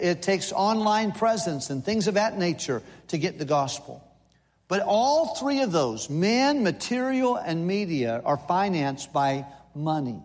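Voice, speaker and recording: Older man preaching, high voice, folksy jokes, long church-hall reverb. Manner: folksy, humorous preaching with lists and asides. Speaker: visiting missionary preacher. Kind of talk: sermon. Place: church sanctuary.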